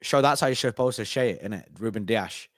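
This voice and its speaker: A man's voice: mid-range voice, fast talker, dry recording, clean studio sound. A young man, co-hosting a casual fan live stream and laughing often. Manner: animated, laughs often, lively bursts. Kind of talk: casual chat.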